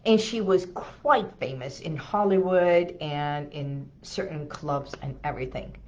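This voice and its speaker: A woman hypnotherapist talking in an animated, hands-on way from her office. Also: sits low, measured pace, few pauses, dull audio. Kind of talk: casual talk to camera.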